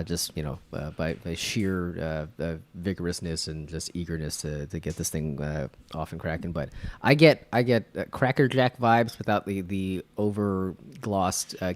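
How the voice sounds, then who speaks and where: A man co-hosting a podcast in a casual snack-tasting chat, wry and teasing, with a halting delivery full of fillers. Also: low-pitched. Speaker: podcast co-host.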